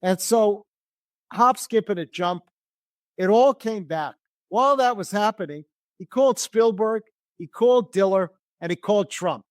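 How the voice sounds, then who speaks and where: A man telling an animated story as an interview guest, acting out the voices of people he quotes. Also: high voice, unhurried, dry recording.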